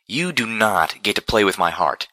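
A man voicing a small young female unicorn who speaks in a cold, clipped, sharp way, in an audiobook. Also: on the low side, very animated, normal speed, no echo, voice pushed up. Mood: cold fury.

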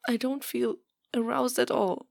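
Woman, whispered role-play, pleading, hesitant, fairly high voice, dry close sound. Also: steady tone, unhurried, gravelly, no echo. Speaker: audio role-play performer.

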